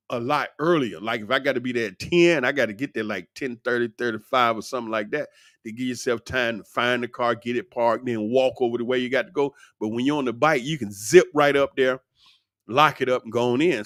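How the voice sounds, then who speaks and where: An older man vlogging in a casual monologue, an animated and rambling storyteller. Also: medium pitch, dry recording, clean studio sound. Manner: animated, rambling storyteller who laughs often.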